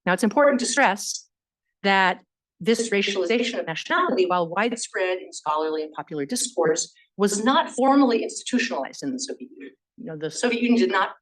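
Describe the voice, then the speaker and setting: A woman history professor giving an academic lecture in a measured, explanatory way, often pausing on "um" and "you know". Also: mid-range voice, lively intonation, poor audio.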